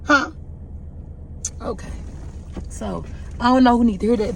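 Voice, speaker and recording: A woman's voice: on the high side, a little slow, creaky, slight background noise. A woman reading tarot who gives a heartfelt, preachy spiritual pep talk to her viewers, talking about her own hurts and often asking if they get what she is saying. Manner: heartfelt and confessional. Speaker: tarot reader giving spiritual messages.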